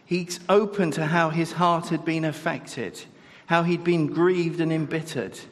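A man's voice: on the high side, a little slow. A man preaching a sermon in a conversational way, asking his listeners rhetorical questions. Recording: echoey hall.

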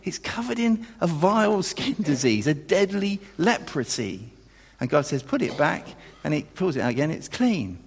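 A man preaching a sermon, animated and acting out the dialogue of the figures he quotes, often breaking off and restarting. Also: moderate pace, breathy edge. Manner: animated, acts out quoted dialogue with pitch jumps, self-interrupting. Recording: long reverb of a large hall.

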